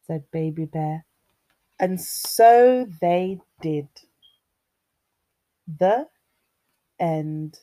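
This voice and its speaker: A woman reading a fairy tale aloud to children, expressive and sing-song, talking to her young listeners. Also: fairly low pitch, drawn-out words, pauses often. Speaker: children's storyteller.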